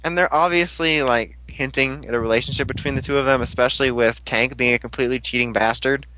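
A man's voice: mid-range voice, fairly even intonation, fast talker, sharp tone, a little hiss or hum, rough recording. A young man recapping a TV episode in casual chat, rambling, giggly and crude, often mimicking the characters. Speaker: podcast host recapping an episode.

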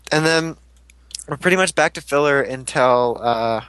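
A man's voice: mid-range voice, measured pace, fairly bright tone, clean tone, dry recording, rough recording. A man chatting casually as a podcast host, rambling through a recap with frequent swearing and fillers.

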